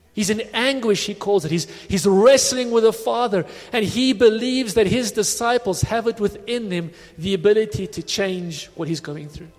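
A man preaching a sermon in a conversational, reflective way, recorded in a church hall. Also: sits high. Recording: long hall reverb.

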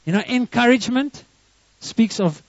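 A middle-aged South African pastor delivers a sermon in a relaxed, story-driven way, his expressive voice sitting notably high for a man. He moves at a moderate pace, often stumbling, restarting and chuckling as he tells his tale conversationally. The recording is dry, dull and a little muffled, with no room sound.

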